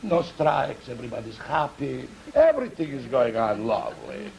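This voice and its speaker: A man's voice: medium pitch, very animated, normal speed, vocal fry, a little mellow, a little hiss or hum, low-quality recording. A man voicing a smug male Russian wolfhound who boasts with false cheer, as a joke told on a vintage comedy talk show.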